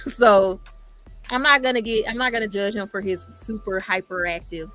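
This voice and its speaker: A woman hosting a casual podcast chat, animated and talking over her guests, repeating her points. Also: medium pitch, moderate pace, faint music behind. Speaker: podcast host.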